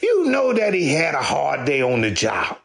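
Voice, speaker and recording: Man for a crude comedy rant, high voice, wildly animated, gravelly. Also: moderate pace. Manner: loud, sassy, swings high and low, shouting bursts.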